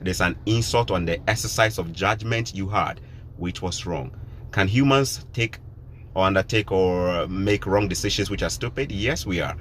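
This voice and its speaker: A man's voice: sits low, normal speed, fairly bright tone, a little hiss or hum. Emphatic Ghanaian man vlogging. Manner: emphatic, repeats points, preachy. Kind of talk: casual live-stream talk to viewers.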